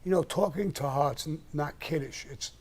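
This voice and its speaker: Speaking at normal speed, this older live-stream host has a gravelly voice that sits a little high. He answers questions from viewers and tells stories in a casual way, blunt and profane.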